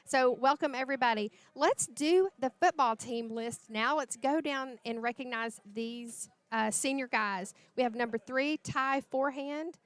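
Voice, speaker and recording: A woman's voice: high voice, a little slow, hardly any pauses, clear, resonant tone, no echo. A woman, announcing for a livestream sports broadcast and reading out lists of names in a chatty way.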